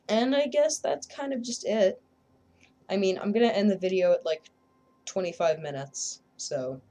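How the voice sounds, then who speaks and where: A woman's voice: sits low, dark tone, a little hiss or hum. A woman giving casual, rambling gameplay commentary, joking and self-deprecating as she plays. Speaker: gameplay video creator.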